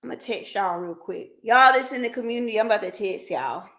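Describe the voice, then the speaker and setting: A woman with a slightly high, bright and forceful voice speaks fairly quickly while hosting a livestream for a counseling practice. She chats casually with viewers, laughs a lot and addresses them by name.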